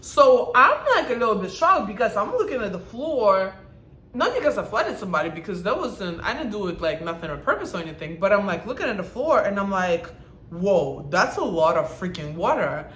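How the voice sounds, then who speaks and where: Female vlogger, lively casual storyteller, middle pitch, echoey room sound. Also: brisk, slight background noise. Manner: animated, swears, laughs, mimics herself loudly.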